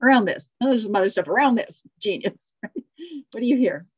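Husky-voiced woman reading a story aloud. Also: medium pitch, lo-fi sound. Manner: expressive storytelling, laughs often, quick when chatting. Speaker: workshop facilitator. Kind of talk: reading a rhyming story aloud, then leading group discussion.

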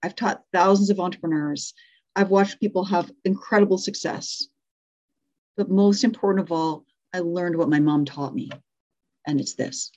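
A woman's voice: fairly low pitch, moderate pace, darkish tone, muffled recording. A middle-aged woman teaching a live workshop on speaking, demonstrating examples aloud and correcting herself as she goes. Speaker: communication coach.

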